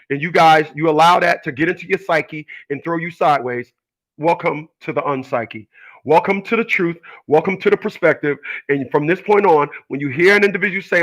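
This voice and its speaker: On poor audio, a slightly high-pitched man speaks at normal speed with a fairly bright tone. He's a channel host giving his opinions in a casual, meandering monologue, preachy and combative, full of restarts and repetition as he argues with people who aren't there.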